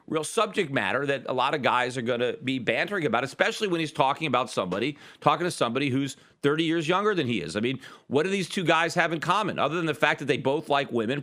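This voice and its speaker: A man's voice: on the high side, a bit bright. A man hosting his own podcast, giving emphatic, argumentative political commentary full of rhetorical questions. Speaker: podcast host.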